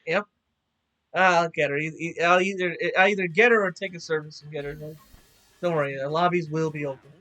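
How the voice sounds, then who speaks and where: A man's voice: on the high side, fairly even intonation, fairly quick, bright, forceful tone. A man streaming a fighting game, chatting casually and muttering reactions to the match as he plays. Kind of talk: casual gameplay chat.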